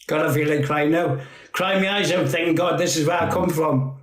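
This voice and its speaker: Man, 50s, guest storyteller, a touch high-pitched, rambling and sweary, roomy echo. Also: steady tone, a little fast. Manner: rambling, laughing, swears freely. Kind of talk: casual storytelling chat.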